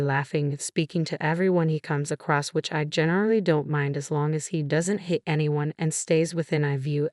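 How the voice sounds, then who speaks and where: A woman reading a first-person story aloud in a plain, steady storytelling manner. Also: low voice, dry recording, studio quality. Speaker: story narrator.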